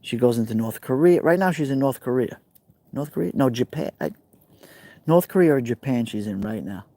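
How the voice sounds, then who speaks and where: A man's voice: medium pitch, expressive, a little fast, mellow, no room sound. A man with a Brooklyn accent, live streaming outdoors by a fire pit, rambling casually and answering viewer comments. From New York.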